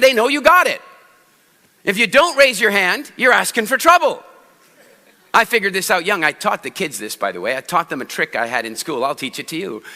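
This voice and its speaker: A man giving a stage talk on public speaking to a live audience, telling animated stories and asking the audience questions. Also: sits high, long reverb tail.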